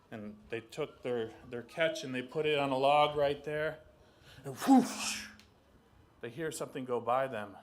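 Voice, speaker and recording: Animated male oral storyteller. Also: medium pitch, a little hiss or hum. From southeast Alaska. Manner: animated, uses sound effects. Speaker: storyteller and artist.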